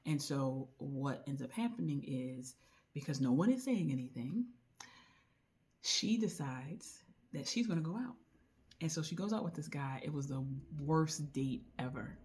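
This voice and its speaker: A woman recommending a book in a casual, chatty way, retelling the story with lively asides. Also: sits low, a little slow. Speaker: book reviewer.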